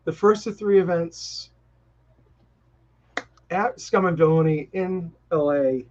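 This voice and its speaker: Taking it slowly, a co-host with a fairly high, darkish-toned voice and a Boston accent chats casually on a live stream, eagerly rambling and restarting his sentences. The video-call sound is dull lo-fi with slight background noise.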